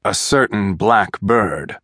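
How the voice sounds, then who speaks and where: A man voicing a disguised gray-haired peddler in an audiobook, whining as he hawks and low when alone. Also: takes it slowly, a bit bright, husky, no room sound, clean studio sound, exaggerated voice. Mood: grim. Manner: whining as a hawker, then low and grim. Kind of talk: audiobook character voice.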